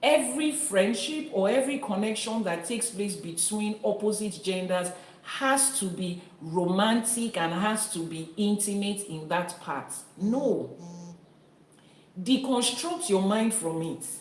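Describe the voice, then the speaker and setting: A woman's voice: mid-range voice, lively intonation, a little slow. Woman, from Nigeria, live-stream teacher, emphatic, talks straight to viewers, echoey room. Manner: earnest, emphatic, addresses viewers directly. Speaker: Ifa priestess hosting a live stream.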